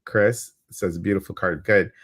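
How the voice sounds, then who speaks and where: A man with a low voice and fairly even intonation speaks a little slowly. He's an intuitive coach hosting a livestream, chatting casually, greeting viewers and reading their comments in a warm, chatty way that addresses them directly.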